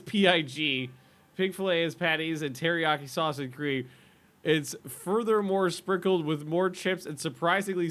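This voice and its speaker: A man's voice: a little high, pushed and bright. A man casually chatting with viewers while streaming a game, rambling and laughing often.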